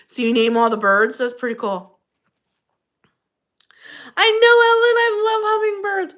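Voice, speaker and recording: A woman's voice: medium pitch, a bit bright. A woman hosting a casual livestream, chatting about backyard birds and greeting viewers by name with frequent laughs. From Pennsylvania. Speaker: livestream host reading chat.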